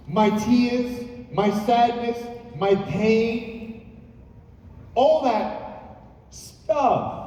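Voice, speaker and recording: A man giving an animated motivational speech from a stage, telling stories with playful asides to the crowd. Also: extremely high pitch, a little hiss or hum. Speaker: motivational speaker. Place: large hall on stage. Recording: echoey hall from far off.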